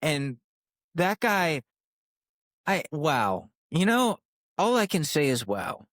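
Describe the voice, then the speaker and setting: A man's voice: a little high, very animated, takes it slowly, fairly bright tone, no echo. A man hosting a podcast, delivering an incredulous, profane comedic rant in a dry, close recording. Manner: incredulous, profane, exasperated ranting. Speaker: podcast host.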